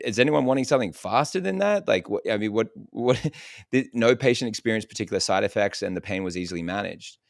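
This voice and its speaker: A man talking as an interview guest, excited and emphatic, often restarting his sentences. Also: low voice, dry recording, clean studio sound. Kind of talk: enthusiastic interview talk.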